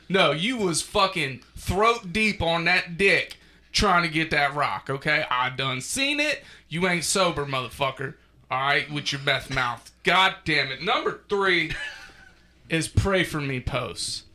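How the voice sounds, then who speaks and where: A man co-hosting a podcast, ranting loudly and crudely through a countdown list. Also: fairly high pitch, measured pace. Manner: loud, crude, animated ranting. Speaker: podcast co-host. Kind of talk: casual profane chat.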